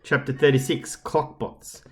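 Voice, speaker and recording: A man reading a children's book aloud as a storyteller, expressive and talking straight to the reader. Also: medium pitch, unhurried, slight background noise. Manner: expressive, addresses the reader directly.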